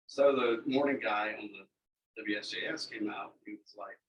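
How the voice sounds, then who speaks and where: A man's voice: fairly low pitch, normal speed. A man, a longtime radio DJ telling stories in a casual, folksy chat. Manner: folksy storyteller. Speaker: radio DJ guest. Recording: distant mic with faint background noise.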